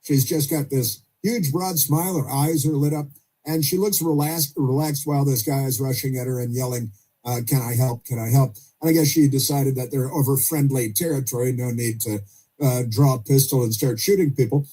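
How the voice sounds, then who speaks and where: A man hosting opinionated talk radio, speaking haltingly with many fillers and restarts and dropping sarcastic asides. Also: medium pitch, dark tone, breathy edge.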